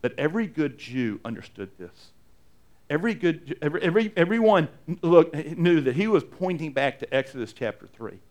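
Slightly high-voiced male preacher. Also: sing-song, fairly quick, darkish tone. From United States. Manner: conversational preaching, acts out quotes, repeats phrases. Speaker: pastor. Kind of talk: sermon.

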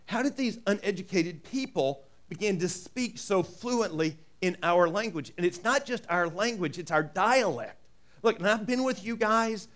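A man preaching a sermon in a folksy way, reading scripture and adding joking asides. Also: sits high. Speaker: pastor.

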